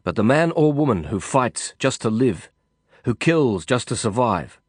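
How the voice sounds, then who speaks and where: A man reading a first-person audiobook narration in a measured, reflective way. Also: mid-range voice, sing-song, husky, no room sound, studio quality.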